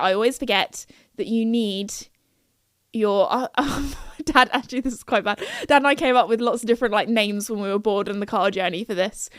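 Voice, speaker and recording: Chatty British woman, bright high voice. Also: clean tone, no echo, clean studio sound. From United Kingdom. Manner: chatty, giggly, rambling with self-corrections. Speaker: podcast host. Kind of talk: casual solo chat.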